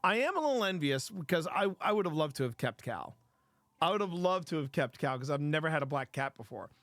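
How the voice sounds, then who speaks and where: A man's voice: a little high, very animated, a little fast, fairly bright tone, no room sound. A man hosting a live stream, chatting casually and rambling, with frequent restarts and casual swearing. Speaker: streamer host.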